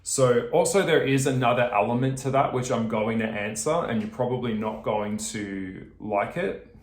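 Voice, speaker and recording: An Australian man rants straight at his viewers, swearing freely and laughing between points. His voice sits at an ordinary middle pitch. The sound bounces around an echoey room. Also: moderate pace. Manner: swearing, ranting, laughing, addresses viewers directly. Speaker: video creator. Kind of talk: casual vlog chat.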